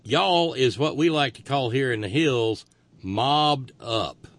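A man's voice: mid-range voice, takes it slowly, dry recording. A man, co-hosting casual podcast banter in a joking, folksy, rambling way.

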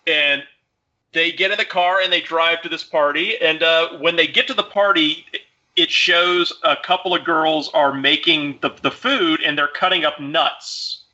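A man chatting casually about a movie with friends, walking through the plot and slipping into the characters' voices as he goes. His voice is very bright and sharp, and slightly higher than most men's. The recording sounds dull and lo-fi. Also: steady tone, measured pace. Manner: retells scenes, acting out lines in character. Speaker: podcast co-host.

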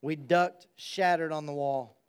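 Male pastor preaching a sermon, high clear voice, hushed stretches rising to loud, excited passages. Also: unhurried.

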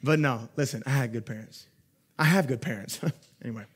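A young pastor delivers a sermon in a lively, conversational style, moving between loud, emphatic peaks and quiet asides and laughing as he tells his stories. His mid-range voice is slightly rough, and he speaks fairly quickly.

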